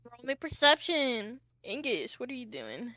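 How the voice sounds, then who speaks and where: A woman's voice: on the high side, sing-song, measured pace, pushed and bright, dry recording, muffled recording. A woman narrating as game master of a tabletop game, chatty and rambling with many fillers.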